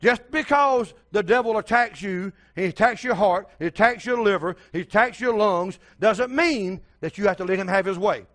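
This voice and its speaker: A man's voice: sits high, moderate pace, few pauses, a bit bright. An older man preaching a sermon as pastor, telling a story and speaking straight to the congregation.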